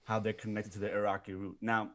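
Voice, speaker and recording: Low-voiced Pakistani man, earnest and reflective, feeling his way through his words. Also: little pitch movement, fast, fairly bright tone. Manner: earnest, searching for words with frequent fillers. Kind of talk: reflective interview talk.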